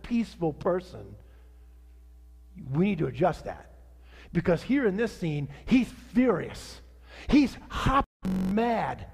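Male pastor, sermon delivery, animated with sudden quiet drops, high voice, reverberant hall. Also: creaky, husky. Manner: animated preaching, rising to outrage then dropping soft.

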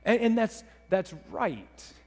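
A man's voice: sits high, sing-song, slow. A man preaching a sermon as a pastor, reading scripture and praying in an earnest way that repeats words and restarts phrases. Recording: reverberant hall.

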